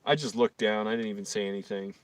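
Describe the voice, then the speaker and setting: This lowish-voiced man speaks fast, with a clear, resonant tone. He's from Virginia and is ranting casually on a livestream, telling an indignant, meandering story packed with fillers and false starts.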